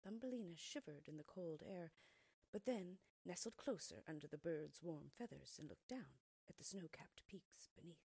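A woman reading a fairy tale aloud in an expressive way, often dropping to a soft near-whisper, in a husky voice, recorded on a close mic. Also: low-pitched, moderate pace, no room sound. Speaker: storyteller.

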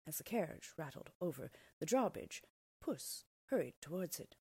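A woman reading a fairy tale aloud in an expressive storybook style. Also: deep voice, normal speed, breathy edge, no echo.

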